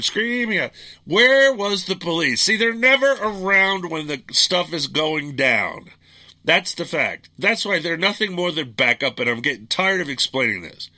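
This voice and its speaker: A man's voice: fairly high pitch, bright, forceful tone. A middle-aged man hosting a political talk radio show, ranting in a blunt, angry, combative monologue.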